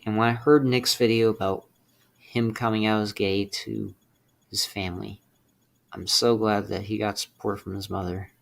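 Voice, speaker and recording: Tearful low-voiced young man, gravelly. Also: flat delivery. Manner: halting, tearful, swearing in frustration. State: close to tears. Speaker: streamer. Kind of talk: emotional personal confession.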